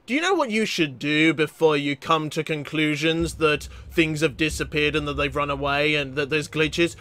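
A young man giving excited gameplay commentary, stammering and breaking into high yelps. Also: moderate pace, clear, resonant tone. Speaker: gaming YouTuber.

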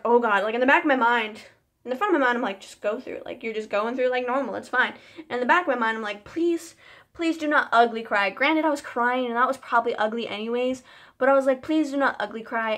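A woman's voice: on the high side, pushed and bright. A young woman vlogging casually, telling a personal story in a chatty, emotional way with lots of "like" fillers.

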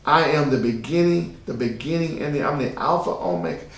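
A man's voice: a little high, fairly quick, reverberant. A man preaching a sermon as pastor, emphatic and repetitive, asking the listeners rhetorical questions.

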